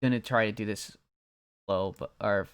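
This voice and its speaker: A man co-hosting a casual podcast, talking in halting restarts while he handles the graphics. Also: fairly low pitch, fairly even intonation, clean tone. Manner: halting, stumbles while multitasking. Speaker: co-host running the graphics.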